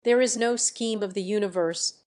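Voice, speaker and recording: A woman's voice: medium pitch, normal speed, a little mellow, lightly acted. A woman reading a blunt, outspoken old man. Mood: earnest.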